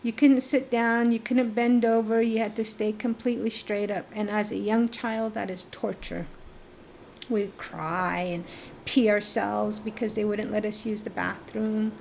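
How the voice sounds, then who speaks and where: A middle-aged woman from the Navajo Nation, telling her life story as a podcast guest in a lively, animated way. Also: medium pitch, unhurried, creaky, slight background noise. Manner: animated storyteller who acts out remembered voices. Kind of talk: personal storytelling in a casual interview.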